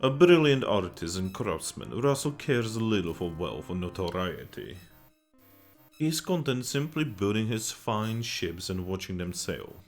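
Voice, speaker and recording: A leering innkeeper with a thick mock Russian accent, voiced by a man. He speaks in stiff, old-fashioned phrases from a low register. Faint game music plays behind him. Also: sing-song, measured pace. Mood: gruff. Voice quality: archaic formal speech.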